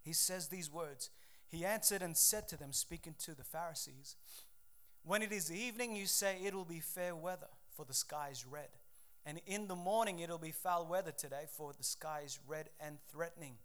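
High-voiced preaching pastor, man. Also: moderate pace, fairly bright tone. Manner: preaching with rising intensity, quoting scripture. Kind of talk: sermon.

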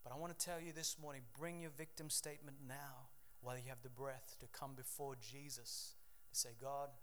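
A man preaching a sermon, rising to loud, forceful declarations and dropping to quiet, hushed storytelling. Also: on the high side. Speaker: pastor.

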